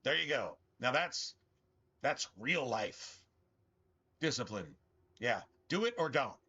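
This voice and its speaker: A man's voice: medium pitch, very animated, takes it slowly, bright, forceful tone, husky. A man streaming a game and bluntly lecturing his chat, swearing as he goes. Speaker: gaming streamer. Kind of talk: blunt live-stream rant while playing. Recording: dull lo-fi stream audio.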